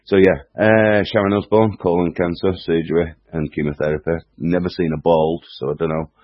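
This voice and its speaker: A man's voice: low voice, steady tone, brisk, dry recording. A man hosting a podcast in casual, rambling chat, joking and hesitating with many fillers. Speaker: podcast host. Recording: dull lo-fi dry audio.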